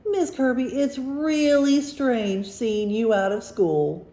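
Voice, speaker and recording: A woman's voice: fairly high pitch, slow pace, mellow. A woman voicing a polite, nervous young schoolboy, reading a storybook aloud. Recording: roomy echo.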